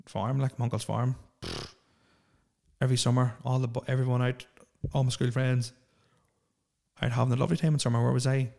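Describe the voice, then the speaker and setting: A man in his thirties hosts a solo podcast, rambling through profane, opinionated rants. His voice sits at an ordinary pitch and stays monotone, barely rising or falling as he swears his way from one gripe to the next. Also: brisk, gravelly, pauses often. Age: 30s. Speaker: podcast host.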